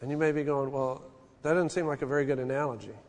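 A man in his forties preaching a sermon, telling stories with an animated, folksy manner. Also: medium pitch, quick pace. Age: 40s. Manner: storytelling, animated, folksy asides. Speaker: pastor. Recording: long hall reverb.

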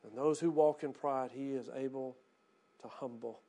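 A man preaching a sermon as pastor, going from hushed reflection to rising, emphatic calls. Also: medium pitch, fairly even intonation, moderate pace.

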